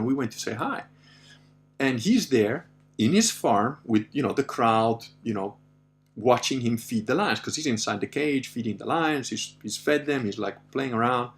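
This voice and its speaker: Animated man telling stories. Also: medium pitch, gravelly. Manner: animated, acts out voices in his anecdotes, laughs often, swears. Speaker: podcast host. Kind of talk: casual storytelling.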